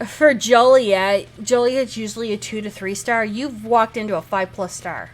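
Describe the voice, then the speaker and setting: Faint music plays behind a woman with a medium-pitched voice who speaks at a moderate pace. She's the game master of a tabletop role-playing game, narrating scenes with lively description and repeatedly correcting herself.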